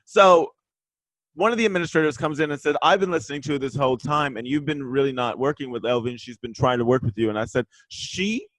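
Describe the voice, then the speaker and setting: Animated storyteller man, dry close sound. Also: mid-range voice, quick pace, no echo. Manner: animated storyteller, acts out quotes. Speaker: guest. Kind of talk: casual storytelling chat. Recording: remote video call.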